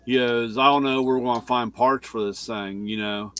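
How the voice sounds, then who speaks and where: A man's voice: medium pitch, steady tone, moderate pace, a bit bright, clean tone. A man co-hosting a casual chat, rambling and hesitant, with many fillers. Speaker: co-host.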